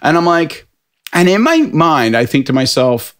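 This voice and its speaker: A man from Canada, a political commentator telling a profane, animated story on a podcast panel. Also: a little high, unhurried, clean tone. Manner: animated, profane storytelling with lots of put-on voices. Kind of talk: casual anecdote on a podcast panel.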